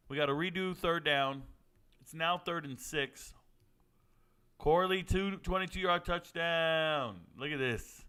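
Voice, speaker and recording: A man from Georgia hosting a live sports watch party, chatting and joking with viewers and reacting loudly to plays. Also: mid-range voice, measured pace, long pauses, clear, resonant tone. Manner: joking banter with chat, excited outbursts. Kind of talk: casual live-stream commentary.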